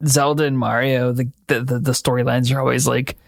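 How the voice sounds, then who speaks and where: Brief: male co-host, middling pitch, halting and self-deprecating, close dry mic. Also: flat delivery, vocal fry, no echo. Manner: hesitant, rambling, self-deprecating. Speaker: podcast co-host. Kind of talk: casual chat.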